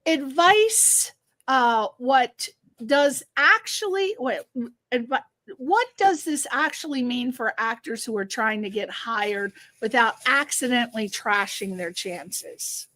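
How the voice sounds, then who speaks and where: A woman's voice: fairly high pitch, lively intonation, slow, a bit bright, no room sound. A woman from Connecticut hosting a live talk show, chatty and effusive, often restarting her questions. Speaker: host.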